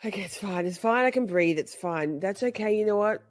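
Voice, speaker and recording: A woman chatting casually as she reacts to a trial, giggly and playful, swinging from soft whispers to high squeals. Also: lively intonation, a little fast, no echo, studio quality.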